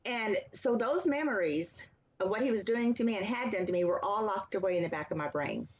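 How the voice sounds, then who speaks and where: An earnest woman speaks at a middle pitch, telling her story in a steady, deliberate way. The recording is a little dull and lo-fi, with the top end softened. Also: husky. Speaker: author and interview guest. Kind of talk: personal testimony in an interview. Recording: slightly dull, lo-fi sound.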